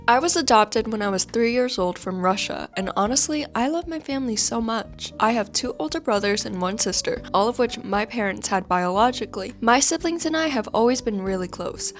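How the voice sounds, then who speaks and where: A woman's voice: fairly high pitch, animated, normal speed, hardly any pauses, faint music behind. A congested woman with braces reading online stories aloud, chatty and full of sarcastic asides. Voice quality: slightly altered speech from braces. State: congested, nasal. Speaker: storytime video host.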